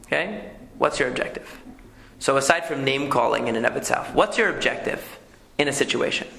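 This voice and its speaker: A man's voice: mid-range voice, vocal fry, bright, forceful tone. A man, a rabbi, giving a conversational lecture and checking in with "okay?" as he teaches. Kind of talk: lecture on marriage communication. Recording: echoey room.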